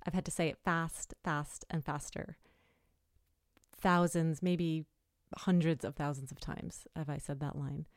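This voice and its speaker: A woman hosting her own podcast in a loose, rambling style, often going back to correct herself. Her voice is smooth and resonant and sits on the lower side for a woman. The sound is dry and close. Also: steady tone, a little slow, dry recording. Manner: chatty, rambling, self-correcting. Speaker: podcast host and voiceover artist. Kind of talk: casual solo podcast talk.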